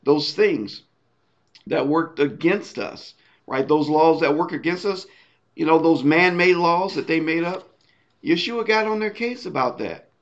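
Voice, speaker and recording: A man's voice: on the high side, expressive, unhurried, muffled recording. A man preaching a sermon in a conversational way, often checking in with his listeners by asking "right?". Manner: conversational, tags points with "right?".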